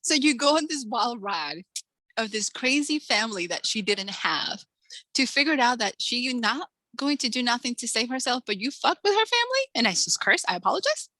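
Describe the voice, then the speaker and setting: A woman in her forties, an author, chatting in an interview and acting out quotes from her stories with lively energy. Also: on the high side, moderate pace, no echo, low-quality recording. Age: 40s. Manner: animated storyteller acting out quotes. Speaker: author, guest. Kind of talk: casual interview chat.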